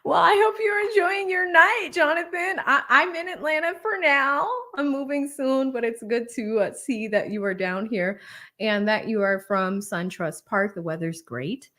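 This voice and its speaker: A woman's voice: sits high, normal speed, pushed and bright. A woman hosting a casual livestream, laughing often and reading viewer comments aloud. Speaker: livestream host. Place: Atlanta.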